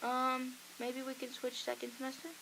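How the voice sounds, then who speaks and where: A woman's voice: high-pitched, completely flat delivery, moderate pace, vocal fry, pushed and bright, a little hiss or hum, rough recording. A young woman hosting a college radio show, chatting casually and acting out the voices in her stories. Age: young adult. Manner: chatty storytelling, acts out quoted voices. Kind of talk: casual chat.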